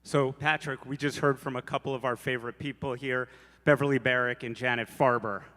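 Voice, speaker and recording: A man's voice: medium pitch, fairly even intonation, brisk, a bit bright. A man emceeing a gala on a handheld mic, playful and teasing with the crowd. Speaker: event emcee. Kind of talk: joking gala emcee patter. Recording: reverberant hall from a distance.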